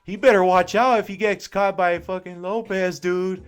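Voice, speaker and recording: A young man doing live fan commentary on a boxing match, excited and slangy, full of exclamations. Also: high voice, moderate pace.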